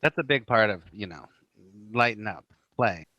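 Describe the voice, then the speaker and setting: Brief: middle-aged male guest, crisp bright tone, dry close sound, lively storyteller. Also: fairly low pitch, normal speed, no room sound, highs cut off. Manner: animated storyteller, acts out quoted voices, many "you know"s. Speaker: guest, spiritual teacher. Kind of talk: casual podcast conversation.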